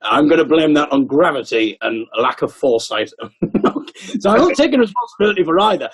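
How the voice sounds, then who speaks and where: A wry, rambling man in casual chat as a guest comedian, his voice a bit husky. His pitch swoops up and down a lot, and his thoughts tend to trail away. He is speaking over a video call. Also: sing-song, fairly quick.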